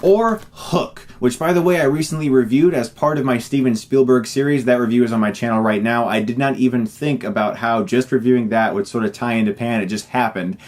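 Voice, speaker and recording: A man's voice: mid-range voice, fairly quick, hardly any pauses, a little mellow. A man delivering an online movie review in an emphatic, exasperated way. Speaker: film reviewer.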